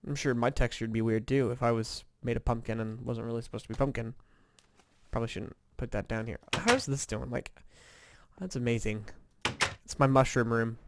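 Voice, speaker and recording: A man's voice: mid-range voice, fairly quick. A man from Indiana casually chatting over a game he is playing, rambling and self-mocking, tired from little sleep. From Indiana, USA. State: tired, yawning. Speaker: gaming commentator. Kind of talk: casual let's-play chat.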